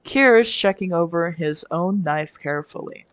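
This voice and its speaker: A woman's voice: lowish voice, normal speed, dry recording. A woman streamer reading a visual novel aloud with her own asides, giggling and stumbling over words now and then. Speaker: let's play streamer.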